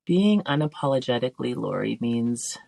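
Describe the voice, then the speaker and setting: A woman's voice: a bass voice, expressive, moderate pace, creaky, mellow, no echo. A woman in her forties, a teacher and filmmaker, talking as a podcast guest in a heartfelt, searching way with restarts. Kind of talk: reflective podcast interview.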